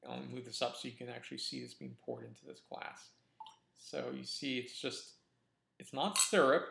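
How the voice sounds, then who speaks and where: A man hosting a casual wine review vlog, talking in a relaxed, enthusiastic way with frequent restarts. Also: medium pitch, normal speed, creaky. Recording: roomy echo.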